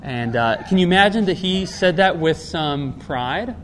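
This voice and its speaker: A man's voice: a little high, animated, measured pace, a bit bright. Guy preaching casually, keeps asking the crowd questions, big hall echo and faint hiss behind him. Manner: asks the listeners rhetorical questions. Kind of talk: conversational Bible teaching. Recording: long hall reverb with faint background noise.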